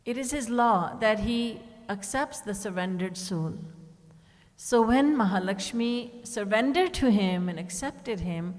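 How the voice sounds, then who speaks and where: Woman teaching at a spiritual retreat, tells stories, medium pitch, long hall echo. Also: expressive, unhurried, darkish tone. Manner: storytelling, quoting characters with shifts in tone. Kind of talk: devotional discourse.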